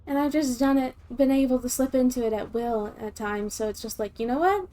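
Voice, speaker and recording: A woman from the southern United States chatting on her gaming stream in a soft, calm put-on voice. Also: on the high side, a little fast. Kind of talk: casual gaming stream chat.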